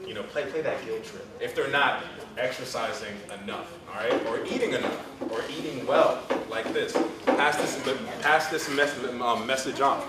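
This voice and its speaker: A man's voice: medium pitch, normal speed, reverberant, distant mic, a loud crowd. A man speaking to children at a fitness camp about nutrition, coach-like and full of questions he answers himself. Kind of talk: energetic talk to children. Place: community center event with children.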